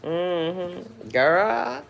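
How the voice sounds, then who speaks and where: A woman's voice: on the low side, sing-song, drawn-out words, gravelly, a little hiss or hum. A woman with a New Orleans accent chatting casually to her livestream viewers, drawling and dropping frequent mm-hmms. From New Orleans, Louisiana. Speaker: livestream host.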